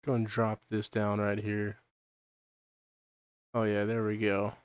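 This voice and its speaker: A man's voice: on the low side, monotone, takes it slowly, clean tone, no echo, clean studio sound. A man hosting a podcast stream, rambling casually and muttering to himself while he sets things up. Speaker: podcast host. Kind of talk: casual livestream chat.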